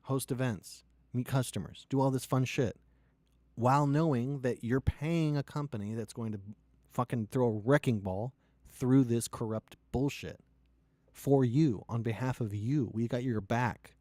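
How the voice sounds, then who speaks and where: A startup founder ranting and pitching with heavy swearing, swinging from loud outbursts to low, quiet lines. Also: male voice, measured pace, dry recording. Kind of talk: impassioned profane rant and pitch.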